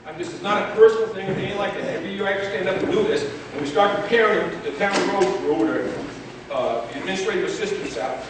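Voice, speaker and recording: A man from Vermont speaks up at a town meeting and hammers his point home by repeating it. His voice sits fairly high for a man. He is heard from a distance in a very echoey hall, with noise audible underneath. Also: quick pace. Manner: emphatic, repeating key points. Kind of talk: impassioned public comment. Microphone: room mic from afar.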